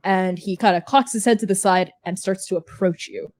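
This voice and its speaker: A woman's voice: mid-range voice, fairly even intonation, normal speed, a little mellow. A woman narrating as game master of a livestreamed tabletop game, chatty with many fillers.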